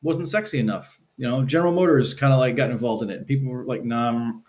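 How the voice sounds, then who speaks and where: A man speaking as a guest on a podcast, telling stories casually and acting out quotes with shifting pitch. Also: fast, hardly any pauses, darkish tone. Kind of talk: casual conversational storytelling. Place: Los Angeles.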